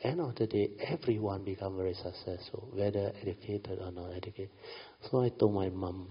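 Low husky man, Malaysian English, reverberant hall. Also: a little fast. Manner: chatty, frequent "you know", light laughs. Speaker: speaker recounting a family story. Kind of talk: storytelling talk. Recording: dull recording with long hall reverb.

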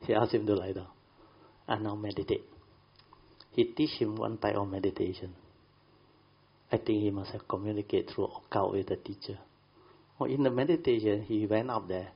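A man's voice: fairly low pitch, moderate pace, gravelly, pauses often, breathy edge, lo-fi sound. A man telling a rambling story to a group, with many fillers and colloquial grammar. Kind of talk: casual storytelling.

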